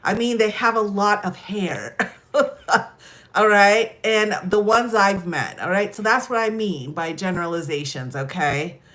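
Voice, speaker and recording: A woman's voice: medium pitch, a little slow, a bit bright. A woman chatting casually on a live stream, telling stories and laughing often. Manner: giggly, chatty, lots of laughter.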